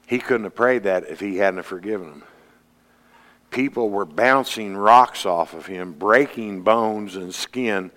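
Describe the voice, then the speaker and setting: A man preaching a sermon, earnest, climbing to emphatic peaks and then dropping low. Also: unhurried, a bit bright. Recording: long hall reverb.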